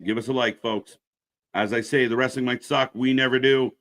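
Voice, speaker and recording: A man's voice: steady tone, moderate pace, a bit bright. A man hosting a live wrestling stream, ranting bluntly, swearing freely and plugging upcoming shows to viewers. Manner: pitches channel shows to viewers. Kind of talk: casual live-stream commentary.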